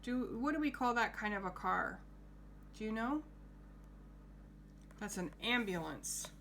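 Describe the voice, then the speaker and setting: Slow, gentle woman reading aloud. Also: medium pitch, slight background noise. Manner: slow, gentle, pausing to point out pictures and ask questions. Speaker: home-school teacher. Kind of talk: reading a picture book aloud to young children.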